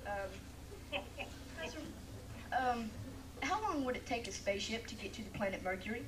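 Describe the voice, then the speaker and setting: A woman's voice: on the high side, very animated, moderate pace. A woman playing an interviewer in an amateur comedy skit, asking earnest questions and giggling. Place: dinner theater hall with audience. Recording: distant camcorder, noisy room with crowd.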